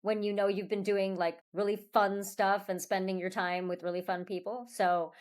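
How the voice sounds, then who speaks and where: A woman, a voice actor guest, chatting in an animated, expressive way with laughs, sounding tired. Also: mid-range voice, normal speed. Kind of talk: casual interview chat.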